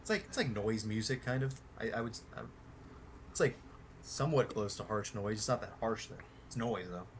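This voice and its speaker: A man's voice: lowish voice, fairly quick, a little hiss or hum. A man hosting a podcast in casual chat, rambling with lots of fillers and swearing. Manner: rambling, profane, heavy on fillers. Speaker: podcast host.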